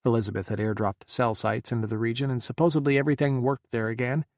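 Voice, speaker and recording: A man narrating an audiobook in a measured, dramatic way. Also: medium pitch, steady tone, a little mellow, no room sound, clean studio sound. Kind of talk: scripted narration.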